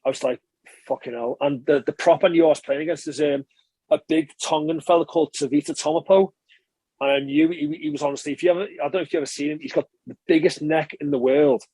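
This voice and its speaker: A man recounting his playing days in an easygoing, chatty interview. He talks quickly with a fairly high, slightly husky voice, swears freely and often restarts mid-sentence. The sound is dry and close to the mic. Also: steady tone, dark tone, no echo. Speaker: former professional rugby player, interview guest. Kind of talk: casual conversational storytelling.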